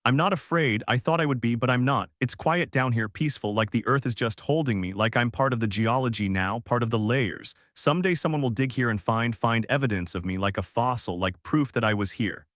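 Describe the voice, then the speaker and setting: A man voicing a frightened twelve-year-old boy trapped underground, speaking in halting, broken-off sentences. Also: medium pitch, a bit bright, no room sound, studio quality, natural voice. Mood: faint, fading.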